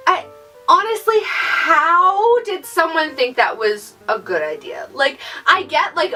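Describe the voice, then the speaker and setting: A young woman ranting in a casual vlog, exasperated and sarcastic, mocking others in high voices. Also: animated, unhurried, sharp tone, distant mic, faint music behind. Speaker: YouTuber.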